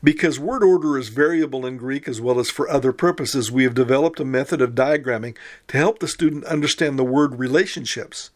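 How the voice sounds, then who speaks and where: Guy teaching a greek grammar lecture, mid pitch, slow and careful, fixes his own slips. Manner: patient, methodical explaining, slow careful reading of Greek words; occasional restarts and self-corrections. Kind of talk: recorded lecture.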